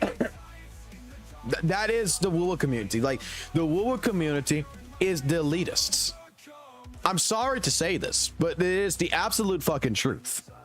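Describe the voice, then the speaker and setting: A man's voice: on the high side, animated, normal speed, pauses often. A man streaming games and ranting heatedly, with heavy swearing, in casual talk. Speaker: game streamer. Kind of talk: casual gaming stream rant. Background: faint music.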